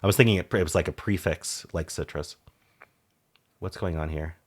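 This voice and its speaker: A deep-voiced man with a slightly sore throat works through word puzzles out loud. He mutters and trails off while thinking, then brightens with quick asides to the viewer. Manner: muses half to himself, trails off, sudden brighter asides. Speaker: puzzle game streamer. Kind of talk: casual thinking aloud while solving puzzles.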